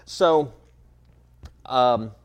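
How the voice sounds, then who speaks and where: Middle-aged male pastor, relaxed explanatory sermon delivery, loose and chatty with frequent ums and restarts, mid-pitched voice. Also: drawn-out words. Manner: casual, explanatory, many fillers and restarts. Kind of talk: conversational sermon.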